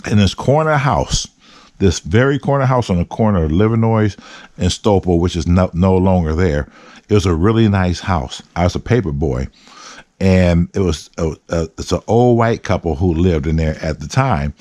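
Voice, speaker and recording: A low-voiced man tells a story from his past, swearing freely and slipping into street slang. His voice swings up and down as he talks, and the recording sounds close and dry. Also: moderate pace, no room sound. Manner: animated, heavy profanity, street slang. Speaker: host. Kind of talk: storytelling monologue.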